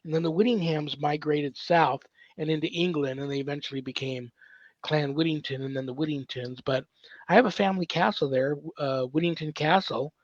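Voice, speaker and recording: This podcast host chats through a casual interview, wandering off in talk with lots of fillers. His slightly high voice has fairly even intonation and moves a little fast, and the dry, dull recording has no room sound.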